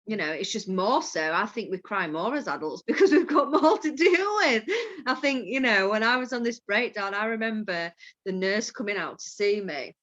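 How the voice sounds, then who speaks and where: Over dull, lo-fi call audio, a Yorkshire woman who works as a mindfulness coach chats candidly at a normal speed. Her medium-pitched voice is animated and a bit bright, and she's frank, swears now and then, and laughs easily.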